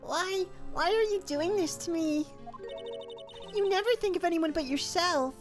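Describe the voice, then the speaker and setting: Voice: very high voice, unhurried, faint music behind, pitched above the performer's own voice. A streamer voicing an earnest, whiny young girl in a courtroom video game, dubbed live. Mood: pleading. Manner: whiny, pleading. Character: earnest young girl, the defendant's little sister.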